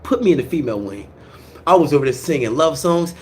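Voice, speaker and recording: A man telling a street story in casual, slangy talk, swinging from low mutters to loud outbursts and repeating words as he goes. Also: expressive, quick pace, slight background noise.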